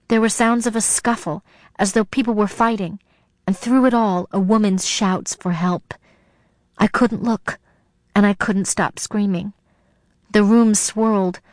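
A woman's voice: mid-range voice, steady tone, measured pace, no echo. Brief: woman audiobook narrator, tense first-person storytelling, dry close sound.

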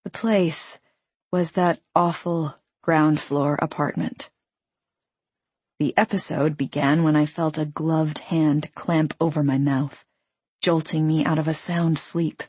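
A woman reading a first-person audiobook in a measured, unhurried storytelling manner. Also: sits low, steady tone, darkish tone, slightly rough, no echo. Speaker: audiobook narrator.

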